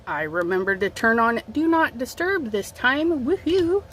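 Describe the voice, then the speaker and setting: A woman's voice: a little high, sing-song, normal speed, fairly bright tone, slight background noise. A middle-aged woman hosting a casual craft livestream from home on her phone, chatting while she sets up and reading out viewer comments, a bit sniffly from allergies. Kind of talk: casual live-stream chat.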